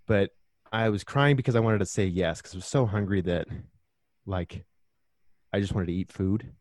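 A man's voice: lowish voice, moderate pace, a little mellow, no echo. A man talking earnestly and reflectively as a podcast guest, telling stories from his own life in a casual conversation.

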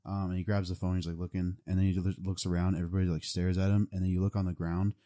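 A man's voice: low-pitched, flat delivery, very fast, warm tone. A young man casually retelling a movie plot, rambling with lots of fillers. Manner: rambling, full of "like" and "um".

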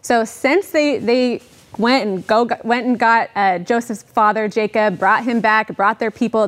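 Woman preaching a conversational sermon. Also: mid-range voice. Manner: conversational, reads scripture aloud.

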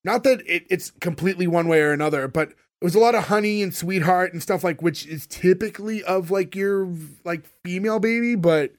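A man's voice: sits high, fairly quick, hardly any pauses. A man hosting a casual podcast, rambling with many fillers and restarts as he recaps a sitcom.

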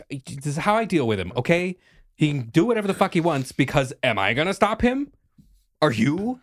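Animated exasperated man in tabletop role-play. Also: fairly high pitch, moderate pace, dry recording, clean studio sound. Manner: exasperated, swears, laughs a lot. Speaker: player.

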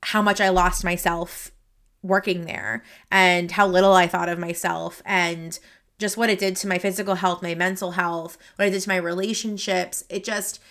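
A woman's voice: fairly low pitch, level tone, moderate pace, fairly bright tone. A woman hosting a solo podcast from her office, talking in a chatty way with many fillers and restarts, teary and sniffly. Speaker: podcast host and career coach. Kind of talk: casual solo podcast monologue.

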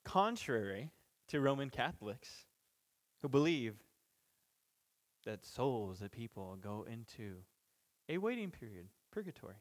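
A man's voice: medium pitch, sing-song, measured pace, pauses often. A man teaching through a Bible passage in an informal, conversational way, chuckling between points and restarting sentences. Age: parent of children. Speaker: pastor.

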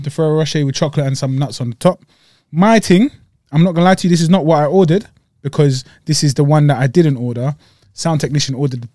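A man's voice: on the high side, a little mellow, dry recording, clean studio sound. A young man, co-hosting a podcast in casual, slangy chat while eating. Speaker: podcast co-host.

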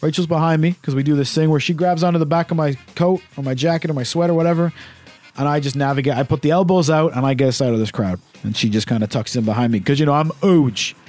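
A man casually telling a story on a podcast, animated and full of swearing. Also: a little high, quick pace, faint music behind.

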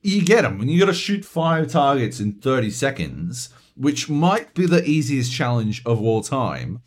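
A man's voice: mid-range voice, big pitch swings, a little slow. A man co-hosting a gaming podcast, ranting animatedly and swearing constantly in casual chat. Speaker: podcast co-host.

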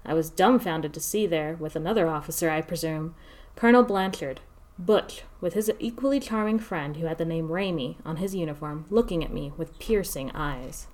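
A woman telling a first-person story in a steady, measured narration. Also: sits low.

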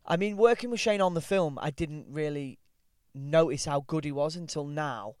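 A man's voice: fairly high pitch, normal speed, darkish tone, smooth, dry recording, clean studio sound. A young man chatting casually as a podcast guest, rambling with lots of ums, restarts and easy laughs, swearing now and then. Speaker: guest actor. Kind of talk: casual chat.

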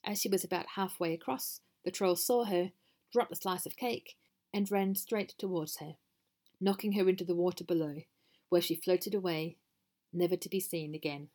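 A woman narrates her own storybook with a dry, wry touch. Her voice sits on the low side, and she lets the humour land without pushing it. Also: normal speed, a little mellow.

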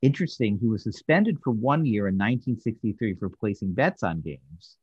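A man's voice: fairly low pitch, fairly quick, slightly rough, no room sound, muffled recording. A man hosting a podcast and recapping a TV episode casually, acting out the characters' lines as he tells it. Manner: animated storyteller, acting out quotes. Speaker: podcast host.

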